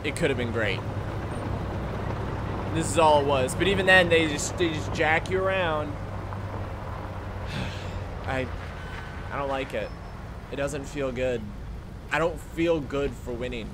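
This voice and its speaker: Excitable male game commentator, lively and jokey, slightly high voice, clear game noise underneath. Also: a little slow, long pauses. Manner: excitable, jokey, swings into yelling. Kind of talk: casual gaming commentary. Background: game sounds.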